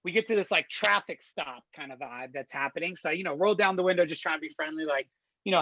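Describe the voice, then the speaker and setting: A man in his twenties, a podcast guest, telling a story casually in a slangy, animated way and swearing freely. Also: high voice, fast, no room sound, muffled recording.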